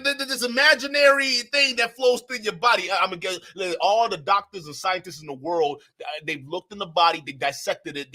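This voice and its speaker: A man's voice: high-pitched, pushed and bright. A man hosting a reaction video, mocking what he hears, swearing and talking straight to his chat. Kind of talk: casual reaction commentary.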